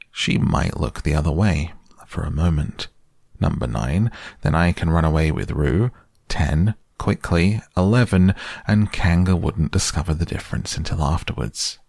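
A man's voice: low voice, gravelly, a little mellow, slightly rough, no room sound, clean studio sound, exaggerated voice. A man voicing a bossy, self-important male rabbit who lays out plans solemnly in a storybook reading. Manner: brisk, solemn and self-satisfied.

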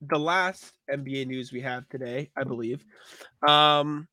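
A man's voice: mid-range voice, steady tone, measured pace, pushed and bright, dry recording, clean studio sound. A young man co-hosting a casual sports podcast, sniffly from allergies, laughing often and joking loosely. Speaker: podcast co-host.

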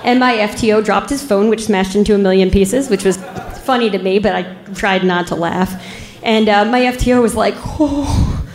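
Woman cop, casual storyteller, dry humor, mid-pitched voice, roomy echo. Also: darkish tone. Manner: unhurried, wry, laughs at the grim parts. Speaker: police officer telling a story.

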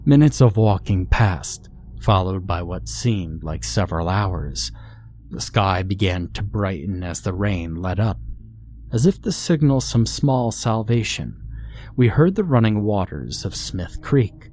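A man's voice: deep voice, expressive, a little slow, darkish tone, slight background noise. A man narrating a scripted horror story in a grave, brooding way.

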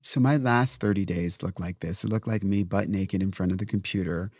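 Speaking briskly in a deep, steady, darkish voice, a man tells a personal story as an interview guest, blunt and profane, rambling and acting out what people said. It's a studio-quality recording without echo.

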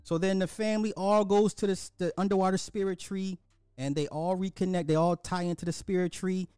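Male film reviewer, emphatic and repetitive, slightly high pitch, dry close sound. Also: fairly even intonation, a little fast, mellow, clean tone, dry recording, faint music behind. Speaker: movie reviewer. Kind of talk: casual film recap.

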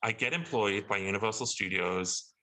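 A British man with a bright, forceful voice and a lowish pitch tells a story in casual chat. He acts out the people he quotes, and his voice leaps up when he is outraged. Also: moderate pace, rough recording. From Britain. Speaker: guest telling a story.

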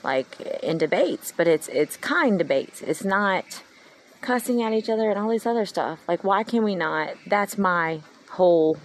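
A woman's voice: medium pitch, animated, measured pace, a little hiss or hum, rough recording. A woman in her thirties talking in a rambling, earnest personal monologue to her followers. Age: 30s. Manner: meandering, earnest, heartfelt. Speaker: vlogger.

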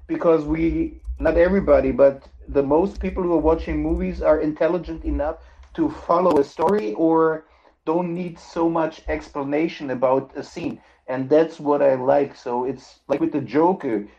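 A man chats as a podcast guest and stops and restarts often. His voice sits a bit high. The sound is muffled and lo-fi. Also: steady tone, creaky, mellow. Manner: halting, many restarts. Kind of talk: casual podcast chat.

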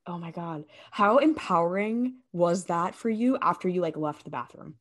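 A woman's voice: on the low side, moderate pace. A woman hosting a podcast, effusive and emotional, talking in a loose, filler-heavy way. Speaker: podcast host. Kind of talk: casual interview chat.

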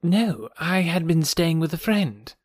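High eager country doctor as a man reads him, quick to wonder, dry close audiobook sound. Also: lively intonation, no echo. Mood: earnest. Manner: eager, astonished, higher and brighter than the narration. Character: excitable older male country doctor.

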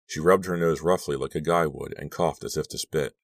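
Deep low guy reading an audiobook, very dry close sound. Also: steady tone, brisk, vocal fry, no room sound. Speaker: audiobook narrator. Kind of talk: scripted narration.

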